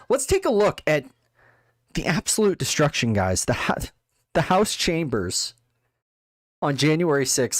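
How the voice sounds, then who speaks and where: A man's voice: fairly high pitch, sing-song, a little slow, pauses often, dry recording. A man delivering an angry, contemptuous political rant, full of insults. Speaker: political commentator. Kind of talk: ranting monologue.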